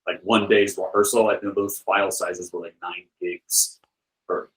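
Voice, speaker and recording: A man guest on a podcast, telling stories in a rambling, animated way with many "like"s and "you know"s. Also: low-pitched, normal speed, rough recording. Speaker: guest, film director and author. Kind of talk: casual podcast interview.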